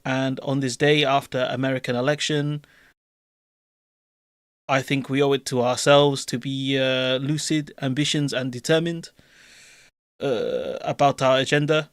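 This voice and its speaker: A man's voice: mid-range voice, measured pace, pauses often, smooth, dry recording, clean studio sound, natural voice. A man putting on a French accent to read a politician's speech in a mock-formal, emphatic way. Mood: mock-serious. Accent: French, put on.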